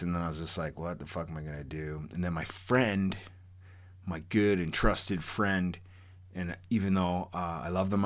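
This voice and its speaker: A man telling a true story from his own life in a casual, rambling, profane way, full of fillers and restarts. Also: deep voice.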